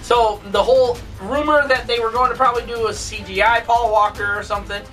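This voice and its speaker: A woman giving a casual movie review, retelling scenes excitedly with swearing, sound effects and laughter. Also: on the high side, fairly quick, distant mic, faint music behind, low-quality recording.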